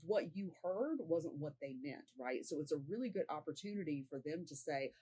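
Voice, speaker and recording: A woman's voice: low-pitched, expressive, moderate pace, mellow, slightly rough, poor audio. Woman, sales coach, casual tutorial, conversational, frequent tag questions. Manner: conversational, often tags sentences with "right?".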